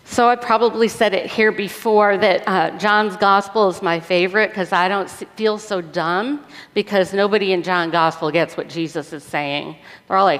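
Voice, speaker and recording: A woman pastor preaching a sermon in a deliberate, unhurried way, mixing scripture and prayer with casual asides and light humor. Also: medium pitch, in a large hall.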